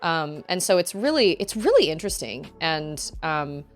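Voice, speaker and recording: A woman's voice: sits low, big pitch swings, normal speed. A woman streaming a video game, chatting casually with her chat and laughing often. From Texas. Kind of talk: casual chat while gaming.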